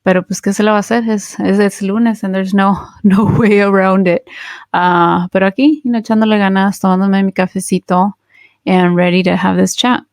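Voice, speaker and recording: A woman's voice: medium pitch, level tone, fairly quick, a little mellow, no room sound. Tired woman co-host, dry close sound. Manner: easygoing, mixes Spanish and English. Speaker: podcast co-host. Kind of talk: casual chat.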